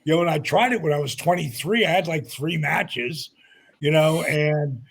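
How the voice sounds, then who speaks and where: A man in his sixties, a retired wrestler being interviewed, telling animated stories. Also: a little high, normal speed, creaky, slightly rough. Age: 60s. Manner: animated anecdotes, acts out quotes. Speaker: guest, retired pro wrestler. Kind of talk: storytelling interview.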